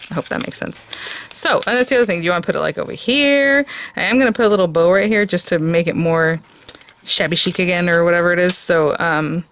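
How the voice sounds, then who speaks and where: A woman's voice: on the low side, quick pace, a bit bright. A middle-aged woman hosting a casual crafting tutorial, chatting, thinking aloud and laughing often as she works. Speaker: craft video host.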